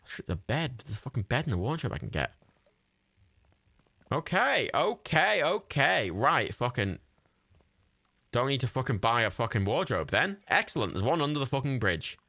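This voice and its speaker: A man streams a game live, swearing as he rambles and restarts his sentences. His pitch leaps around in lively swings. A gravelly fry runs through a bright, tense voice. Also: normal speed, no echo, clean studio sound. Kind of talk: live gameplay commentary.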